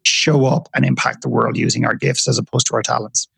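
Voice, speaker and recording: Man, gravelly husky voice, earnest storyteller, repeats himself, dry close sound. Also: mid-range voice, level tone, fairly quick, a bit bright, no echo, low-quality recording. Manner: earnest, repeats words as he thinks. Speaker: podcast guest. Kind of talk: reflective storytelling in conversation.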